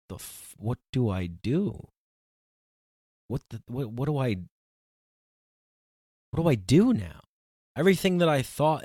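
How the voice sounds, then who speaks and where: A man's voice: fairly low pitch, no room sound, studio quality. A young man hosting a solo podcast, talking in a raw, rambling way with frequent restarts and swearing. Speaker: podcast host.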